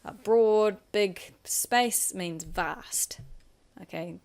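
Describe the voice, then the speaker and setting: A woman's voice: mid-range voice, drawn-out words, gravelly, a little mellow. A woman teaching a vocabulary lesson, patiently explaining each word and modelling the tones. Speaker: Chinese language teacher.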